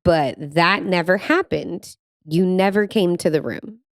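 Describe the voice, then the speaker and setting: A woman's voice: fairly low pitch, measured pace, no echo, studio quality. A woman co-hosting a podcast with her husband, telling a family story expressively in casual chat. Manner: expressive storyteller, laughs easily. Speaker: podcast co-host.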